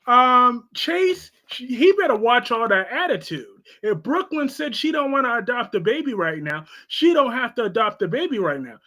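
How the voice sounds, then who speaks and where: A man hosting a live stream, chatting casually and sassily while answering his chat. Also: very high voice. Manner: sassy, expressive, answering chat.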